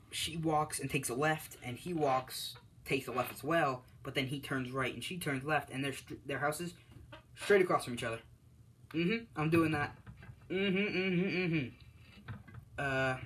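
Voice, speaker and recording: A man's voice: mid-range voice, fairly bright tone, slight background noise, poor audio. Rambling man telling a fan story. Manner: rambling, many fillers and self-corrections. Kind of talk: casual spoken fan-story narration.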